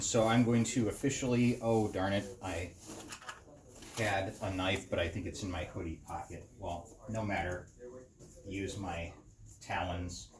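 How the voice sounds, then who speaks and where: A man casually narrating a holiday cooking video and joking his way through the prep in a radio station control room. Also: fairly low pitch. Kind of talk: casual narration and kitchen chat.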